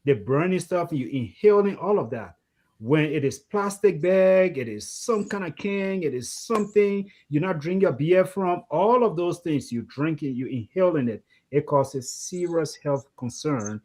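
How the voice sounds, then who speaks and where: Man, co-host, animated storyteller, pitch jumps around, slightly high voice. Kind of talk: casual discussion.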